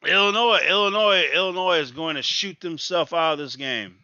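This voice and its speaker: A man's voice: fairly high pitch, moderate pace, sharp tone, no room sound, muffled recording. A man ranting in exasperation as he reacts live to a college basketball game, repeating his complaints. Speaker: sports talk host.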